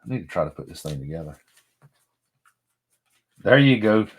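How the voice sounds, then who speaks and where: Guy, kinda low voice, middle-aged, rambling on and chatting with viewers while opening stuff. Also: big pitch swings, moderate pace, slight background noise. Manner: rambling, folksy, talks to viewers by name. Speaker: vlogger. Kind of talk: casual chat while unboxing.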